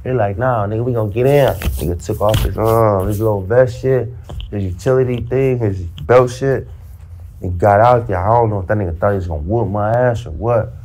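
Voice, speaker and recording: A man with a fairly low voice tells his story in loose, slang-heavy talk. He acts out the back-and-forth himself, with lively energy. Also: normal speed. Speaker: storyteller recounting prison life. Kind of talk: casual storytelling in a played interview clip.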